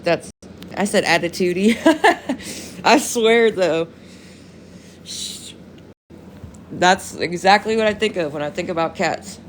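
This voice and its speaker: A woman's voice: fairly low pitch, slow, long pauses, a little hiss or hum. A young woman chatting casually on a phone live stream, slangy and profane, often breaking into laughter while answering viewers.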